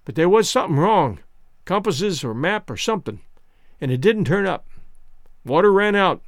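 A man's voice: high voice, big pitch swings, normal speed, no echo, studio quality. A man voicing a starving, dying frontiersman who talks in a rustic, tired dialect. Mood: weary. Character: dying frontiersman, gaunt, weary and tender.

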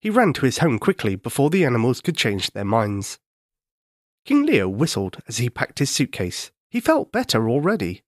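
A man narrating a children's story in a gentle, expressive way. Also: medium pitch, normal speed, no echo, clean studio sound.

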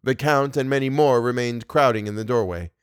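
A man narrating a classic novel in a measured, even reading voice. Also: mid-range voice, smooth, no echo, clean studio sound. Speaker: audiobook narrator. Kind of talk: scripted narration.

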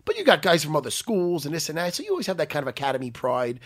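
A man's voice: on the high side, very fast. A middle-aged man, co-hosting a casual podcast chat and telling swearing-laced fighting stories. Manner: animated, swearing storyteller. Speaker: podcast co-host, jiu-jitsu fighter.

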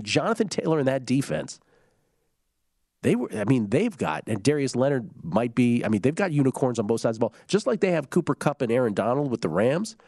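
A man's voice: mid-range voice, mellow, no echo, studio quality. A man hosting a sports betting show, chatting casually and reading listener tweets aloud, humming fillers between them. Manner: quick, loose delivery with filler hums and restarts.

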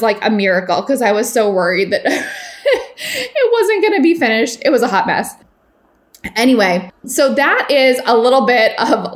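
A woman in her thirties hosting a podcast, telling stories in a chatty style full of fillers like "um" and "like", often laughing as she talks. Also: on the high side. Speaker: podcast host. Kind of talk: casual chat, storytelling.

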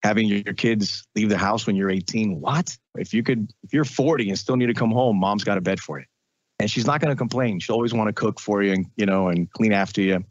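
Man, radio host, lowish voice, animated storytelling, dry slightly dull recording. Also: brisk, no room sound. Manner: animated storytelling, mimics relatives. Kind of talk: casual interview talk.

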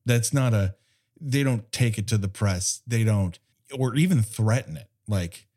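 A man's voice: lowish voice, unhurried, darkish tone. A man co-hosting a casual film podcast, talking in a profane, sarcastic way. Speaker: podcast co-host.

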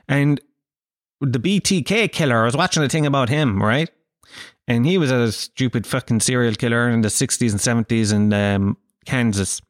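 A man's voice: mid-range voice, dry recording, clean studio sound. A man with an Irish accent hosting a podcast, rambling through a crude comedic monologue, swearing freely and laughing at his own jokes. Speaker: podcast host.

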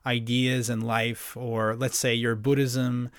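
A man interviewing in casual conversation, probing the guest's points and pushing back in a measured way. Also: mid-range voice, little pitch movement, clean tone, dry recording, clean studio sound.

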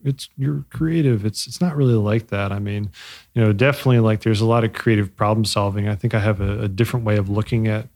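A man being interviewed about his bike company, speaking reflectively with many pauses, fillers and restarts as he searches for words. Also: on the low side, steady tone, a little mellow. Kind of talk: casual interview.

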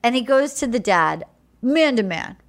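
A woman's voice: on the high side, normal speed. A woman hosting a podcast, animatedly recapping a show with swearing and acted-out quotes. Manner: animated, profane, acts out quotes. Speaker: podcast host. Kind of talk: casual chat recapping a show.

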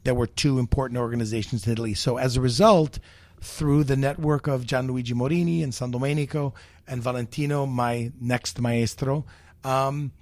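Animated storytelling man, dry close mic. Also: medium pitch, no echo. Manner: animated storyteller, many fillers, quotes others. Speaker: guest chef. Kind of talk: storytelling interview chat.

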